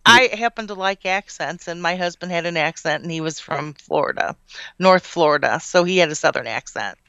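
Bright, smooth-voiced confident woman. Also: on the low side, moderate pace, no room sound, highs cut off. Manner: confident, matter-of-fact, advice-giving. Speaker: co-host. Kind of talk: casual chat.

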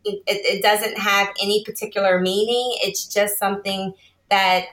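A woman's voice: medium pitch, flat delivery, moderate pace, a bit bright. Chatty woman guest in a roomy space. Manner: chatty, laughs often, explains at length. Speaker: podcast guest, small business owner. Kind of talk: casual interview talk. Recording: roomy echo.

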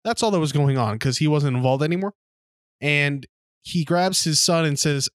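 A man's voice: on the high side, normal speed, no room sound, clean studio sound. A man co-hosting a podcast, telling crude, off-color, meandering jokes about a film. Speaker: podcast co-host. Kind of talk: casual movie-review chat.

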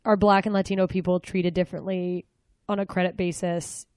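A woman's voice: fairly low pitch, little pitch movement, brisk, darkish tone, no room sound. A woman hosting a casual interview, curious and asking probing follow-up questions. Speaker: host.

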